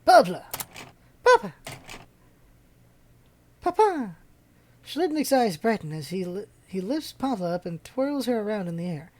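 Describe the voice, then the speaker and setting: Animated woman reading a game aloud. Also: medium pitch, a little fast, few pauses. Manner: animated, first-person narration with asides. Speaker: let's-play host. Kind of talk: reading a visual novel aloud.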